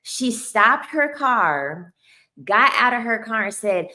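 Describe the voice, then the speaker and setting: A woman's voice: fairly high pitch, expressive, slow pace, pushed and bright. A woman streaming casual chat who answers her viewers, laughing often and tossing in slangy asides. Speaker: livestreamer reading chat.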